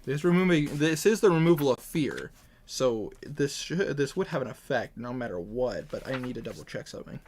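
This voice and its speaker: A man's voice: medium pitch, expressive, fairly quick, a little mellow. A man running a tabletop game as dungeon master over voice chat, congested with a cough, stopping and correcting himself mid-sentence.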